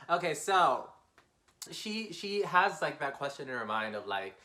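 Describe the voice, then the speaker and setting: A man hosting a music reaction video, talking fast in a casual, emotional, exclamatory way. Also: a little high, sing-song, pushed and bright.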